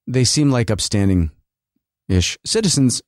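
A man's voice: mid-range voice, sing-song, slow, no room sound, clean studio sound. A man hosting a casual solo rant, rambling and sarcastic, full of fillers and restarts. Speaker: podcast host and working actor.

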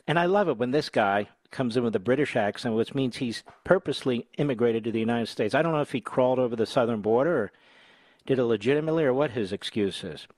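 A man hosting a talk radio show, sarcastic and combative, breaking into loud mocking insults. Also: medium pitch, expressive, fast, no echo.

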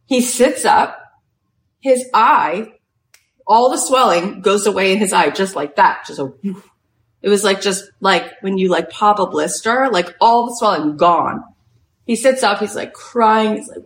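A woman's voice: mid-range voice, measured pace. A woman hosting a podcast, giving an inspirational talk and telling a story with lots of "like" in her speech. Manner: animated storytelling, heavy use of "like". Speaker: podcast host and retreat leader. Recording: echoey room.

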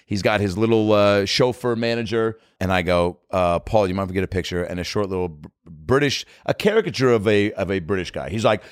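Fast-talking man telling a story. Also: on the low side, dry recording, studio quality. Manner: quick, excited storytelling with loud acted-out quotes. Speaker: comedian and podcaster. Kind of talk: casual chat, telling an animated story.

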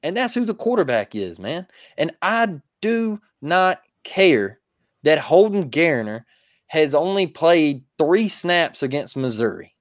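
A man co-hosting a sports talk show in a casual, emphatic manner, repeating his points to calm the listeners down. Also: fairly high pitch, a little slow, dry recording, studio quality. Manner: emphatic, preachy, repeats phrases. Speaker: podcast co-host.

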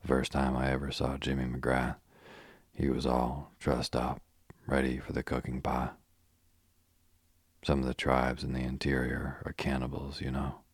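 A man reading the lines of a wry, adventurous young gentleman guiding a tour, breezy and understated. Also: rumbling low, monotone, a little slow, slightly rough, no room sound, studio quality, exaggerated voice.

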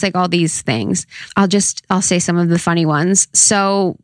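A young adult woman as a podcast guest, telling a story in an animated, chatty way full of fillers. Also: on the low side, measured pace, no echo, studio quality. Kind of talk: casual storytelling chat.

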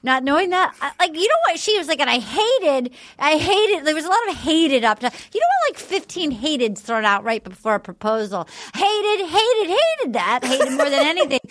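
A woman's voice: sits high, very animated, normal speed, hardly any pauses, fairly bright tone. A woman hosting a comedy podcast, recapping a show with lots of laughter and playful acted-out quotes. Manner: laughing, acts out quotes in exaggerated voices. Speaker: podcast host. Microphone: podcast studio mic.

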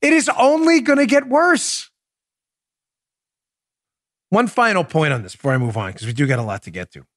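Male political show host: emphatic, opinionated, throws rhetorical questions at listeners, lively pitch. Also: moderate pace, pauses often. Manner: emphatic, addresses audience as folks; rhetorical questions, restarts sentences. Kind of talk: opinionated commentary.

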